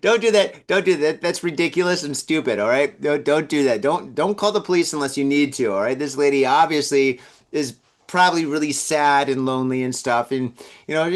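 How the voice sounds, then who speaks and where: A man's voice: medium pitch, a little fast. A man hosting a comedy news podcast, reading odd stories and riffing on them with jokes and acted-out asides. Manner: animated, joking asides, acts out drunk voices. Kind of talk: casual comedic news commentary.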